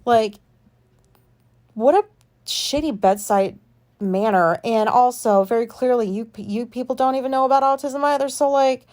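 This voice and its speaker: A woman's voice: on the high side, moderate pace, a little mellow. A woman vlogger telling a personal story in casual, rambling talk, swearing freely and filling gaps with filler words. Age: adult.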